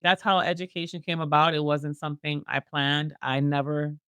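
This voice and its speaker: A woman guest on a podcast, telling lively stories and acting out other people's lines in casual chat. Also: deep voice, moderate pace, clear, resonant tone, no room sound, studio quality. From United States. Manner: animated storyteller, acts out quoted voices. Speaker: podcast guest, fitness business owner. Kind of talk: casual storytelling interview.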